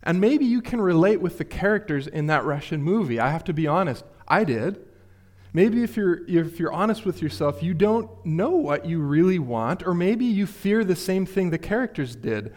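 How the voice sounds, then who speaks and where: A man's voice: high voice, animated, normal speed, darkish tone. Earnest man preaching a sermon. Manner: earnest, questioning, addresses listeners directly. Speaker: pastor.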